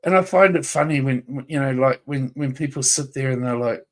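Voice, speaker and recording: A man's voice: mid-range voice, normal speed. Profane, taunting man ranting on stream. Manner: talks straight at a rival, repeats himself. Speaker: YouTube livestreamer. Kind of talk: livestream rant.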